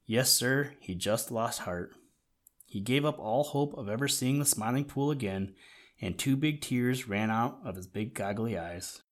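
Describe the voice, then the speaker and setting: Man, storybook narration, gentle, measured, middle pitch. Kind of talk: storybook reading.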